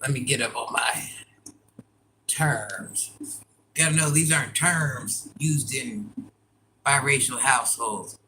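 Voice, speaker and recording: An older woman chatting casually on a live stream, laughing often and breaking into loud exclamations. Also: very deep voice, takes it slowly, pauses often, slight background noise, poor audio. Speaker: livestreamer.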